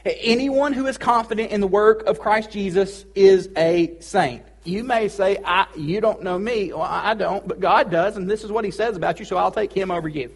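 Husky-voiced high-pitched male pastor. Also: normal speed, hardly any pauses. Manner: casual, joking preacher with pop-culture asides. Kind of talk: sermon.

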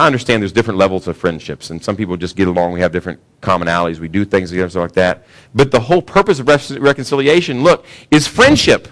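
In a church sanctuary, a pastor with a fairly low male voice delivers a relaxed, conversational sermon. He keeps turning to the congregation with questions.

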